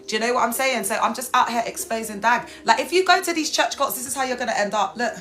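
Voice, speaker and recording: A woman chats straight to her live-stream viewers from a hospital bed, talking casually and sometimes rising into high, excited exclamations. Her tone is bright and forceful, and soft music plays faintly behind her. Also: quick pace. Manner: chatty, animated, talks straight to viewers. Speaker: livestream host.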